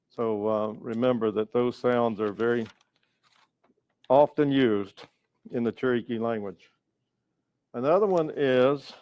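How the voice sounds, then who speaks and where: Man from north carolina teaching words real slow, dry muffled lo-fi sound. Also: medium pitch, no room sound. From North Carolina, USA. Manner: slow, patient, repeats each word to teach it. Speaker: educator and storyteller. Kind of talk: Cherokee language lesson. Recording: dull, lo-fi recording.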